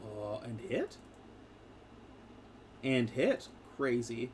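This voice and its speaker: A man narrating a tabletop game as game master, in a casual, halting way with fillers. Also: mid-range voice, very animated, background noise.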